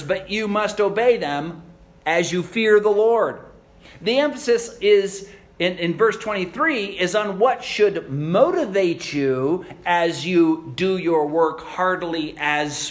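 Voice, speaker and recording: A man with a notably high voice delivers an earnest sermon. He presses his points with emphatic repetition and pointed rhetorical questions to the congregation. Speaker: preacher.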